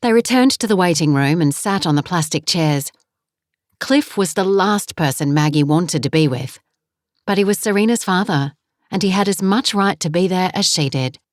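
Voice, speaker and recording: A woman narrating an audiobook romance novel in a measured, steady way. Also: fairly low pitch, dry recording, clean studio sound. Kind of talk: scripted narration.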